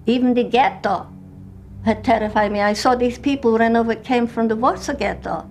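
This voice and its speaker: An older Polish woman in her 70s, whose first language is Yiddish, gives personal testimony as an interviewee in broken English. Her voice is slightly high and a little mellow, and her halting, emotional storytelling plays over soft background music.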